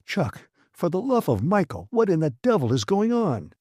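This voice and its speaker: A man's voice: high voice, sing-song, normal speed, a little mellow, no room sound, studio quality, voice pushed up. A man narrating an audiobook, voicing a hot-tempered male engineer who snaps and commands. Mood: exasperated. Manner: snapping, commanding, exasperated. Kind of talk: audiobook character voice.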